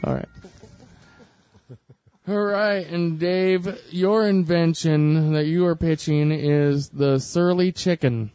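A man's voice: a little high, steady tone, takes it slowly, warm tone, clean tone, no echo. A man hosting a casual comedy podcast, quizzing his guests in an upbeat way. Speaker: podcast host.

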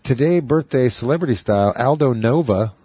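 A man's voice: mid-range voice, expressive, fairly quick, mellow, slightly rough, dry recording. A man hosting a radio show, telling a rambling anecdote with crude asides in casual on-air chat.

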